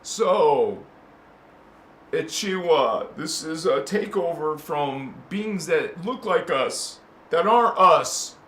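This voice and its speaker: Man shouting about spiritual war. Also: a little high, lively intonation, slow. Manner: rambling, swings from hushed musing to shouting. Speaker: spiritual channel host. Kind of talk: impassioned spiritual talk. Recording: echoey room with faint noise.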